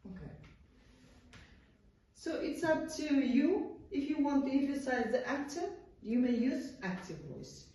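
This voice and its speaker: A woman with an Uzbek accent teaches English in a high-sitting, dark-toned voice, animated but unhurried and with long pauses, often saying "uh-huh" and asking "yes?" She's far from the mic in an echoey classroom.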